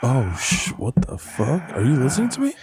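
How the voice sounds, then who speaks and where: A man, co-hosting a comedy podcast and firing off quick, profane comebacks. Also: medium pitch, wildly swooping pitch, a little mellow, slight background noise. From the Bronx, New York. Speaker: podcast co-host. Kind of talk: comedic casual chat. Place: podcast studio.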